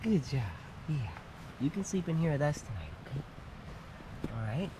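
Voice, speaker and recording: A man's voice: a little high, very animated, measured pace, mellow, slight background noise. Playful man cooing at a goat. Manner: playful, coos at a baby goat. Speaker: vlog host. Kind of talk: casual camping vlog chat. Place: tent at an island campsite.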